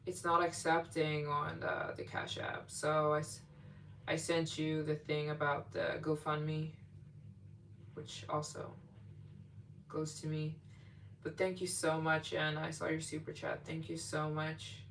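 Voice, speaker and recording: A woman's voice: low voice, completely flat delivery, measured pace, creaky, a bit bright. A woman hosting a late-night livestream in a casual, chatty way, gushing with emotional thanks to her viewers. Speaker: livestream host. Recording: distant mic with faint hum.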